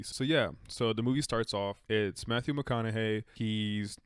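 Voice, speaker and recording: A man giving a casual movie review rant, excitable and profane, rambling with restarts and self-corrections. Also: fairly low pitch, measured pace, few pauses, background noise.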